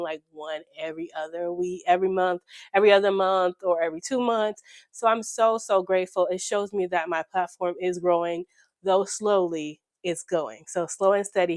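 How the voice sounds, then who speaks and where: A slightly hoarse woman, chatting excitedly with viewers while walking through her budget at home. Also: on the low side, dry recording, studio quality. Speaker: budgeting YouTuber. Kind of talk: casual chat while budgeting. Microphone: desk microphone.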